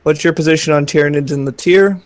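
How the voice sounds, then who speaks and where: A man's voice: fairly high pitch, quick pace. A young man co-hosting a livestream, reading chat questions aloud with wisecracks.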